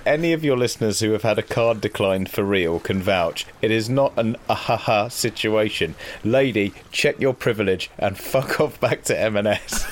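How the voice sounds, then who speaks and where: A man's voice: on the low side, a little hiss or hum. A man co-hosting a casual podcast, reading listener letters aloud in a dry, self-deprecating way. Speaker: podcast co-host.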